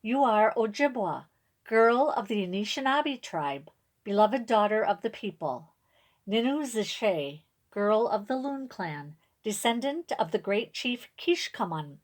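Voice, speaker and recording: A woman voicing a wise, gentle old great-grandfather who speaks slowly and kindly. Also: mid-range voice, expressive. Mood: solemn.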